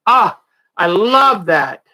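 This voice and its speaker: Slow, gushing woman quilting host. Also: medium pitch, very animated, bright, forceful tone, poor audio. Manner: gushing, exclaims "oh" often, chatty. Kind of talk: casual livestream unboxing chat.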